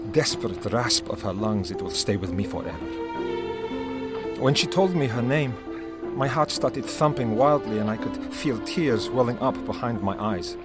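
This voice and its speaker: A man reading a heartfelt first-person story as scripted narration, with an emotional manner. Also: mid-range voice. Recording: narration over music.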